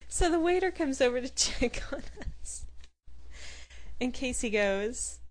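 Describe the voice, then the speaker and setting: High-voiced woman telling a story. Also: measured pace. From New Mexico. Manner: animated storyteller, rising to loud pleading. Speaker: podcast co-host. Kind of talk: casual storytelling chat.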